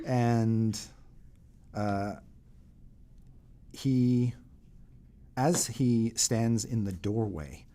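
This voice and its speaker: A man narrating a tabletop game as dungeon master, describing scenes unhurriedly with frequent pauses. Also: on the low side, dark tone.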